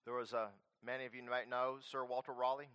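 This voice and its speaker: Male preacher, sermon, middle pitch, loud emphatic lines alternating with quiet earnest appeals. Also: level tone, fast talker, clear, resonant tone, muffled recording.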